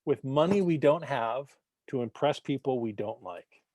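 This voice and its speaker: A man's voice: mid-range voice, animated, normal speed, darkish tone, no echo. A man teaching an adult church class in a conversational way, often repeating words, checking in with the room and punching his points with jokes. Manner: conversational, repeats words, keeps asking "right?"; tells jokes, punchy emphasis.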